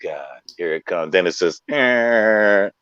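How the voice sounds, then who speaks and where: Low-voiced laid-back male comedian. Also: expressive, slow pace, fairly bright tone, smooth, no echo, lo-fi sound. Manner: laid-back, acts out quoted lines. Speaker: guest comedian. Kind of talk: casual storytelling chat.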